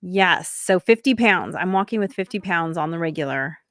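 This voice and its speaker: A woman's voice: on the low side, expressive, moderate pace, fairly bright tone, no room sound, studio quality. A middle-aged woman hosting a comedy show, chatting casually and upbeat with a guest and promoting the event. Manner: chatty and upbeat, with many fillers.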